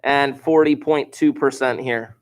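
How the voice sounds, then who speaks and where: A man lecturing a high school statistics class at an ordinary mid pitch. He talks in a relaxed, offhand way with casual asides. When a point matters, he slows down and says it again. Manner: repeats key points slowly for emphasis.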